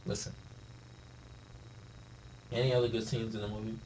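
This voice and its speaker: A man's voice: lowish voice, normal speed, background noise. Exasperated man ranting from a distant mic. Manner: animated, exasperated, laughs often. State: up late at night. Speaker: film reviewer. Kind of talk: casual ranting review. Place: home room.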